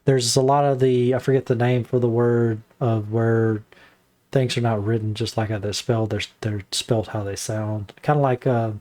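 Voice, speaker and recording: Man, casual book reviewer, talks in a halting way with many fillers, mid-pitched voice. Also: level tone, dark tone.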